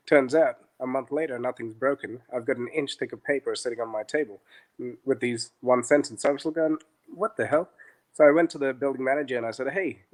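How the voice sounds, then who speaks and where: A middle-aged man speaks at an ordinary pitch as a guest on an interview podcast. He tells his business stories casually, slipping into other voices as he quotes the people in them. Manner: animated, acts out dialogue in quotes. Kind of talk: conversational storytelling.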